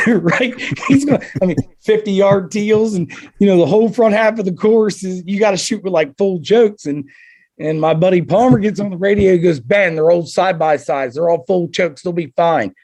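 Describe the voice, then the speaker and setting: A man, a target setter, telling a story in a relaxed, animated way and acting out quotes. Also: high-pitched, moderate pace. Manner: animated, acts out quotes with laughs. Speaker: target setter, podcast guest. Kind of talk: casual storytelling.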